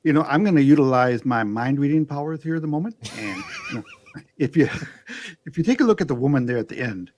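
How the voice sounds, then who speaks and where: A man's voice: on the high side, lively intonation, fast, darkish tone, highs cut off. A man co-hosting a reaction show, making joking, mocking asides. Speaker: co-host. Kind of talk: reaction commentary on a video clip.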